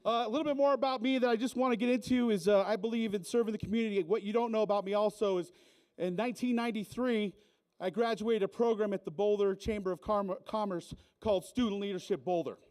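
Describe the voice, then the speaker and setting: A man's voice: high-pitched, steady tone, fast talker, darkish tone. A man working a live event crowd as emcee, teasing the audience in a playful, joking way on a stage mic. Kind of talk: live comedic emcee set.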